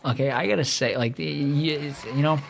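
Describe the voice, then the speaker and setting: A man's voice: on the high side, fairly quick, vocal fry. A young man hosting a podcast, ranting in a rambling, profane way with lots of stammering restarts. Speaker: podcast host. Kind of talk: casual rant.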